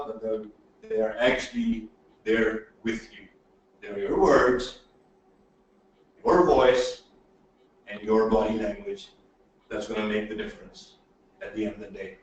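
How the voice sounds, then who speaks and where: A man giving a webinar lecture on presentation skills, emphatic and animated, often checking in with "okay?". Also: medium pitch, very echoey, distant mic, a little hiss or hum, poor audio. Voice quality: animated, swings loud and soft.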